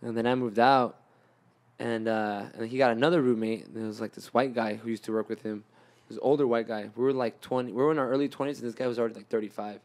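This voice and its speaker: A man's voice: mid-range voice, fairly even intonation, fast, a little mellow. A young man hosting a podcast, telling a long story in rambling, profane casual chat and acting out his friends' lines. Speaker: podcast host.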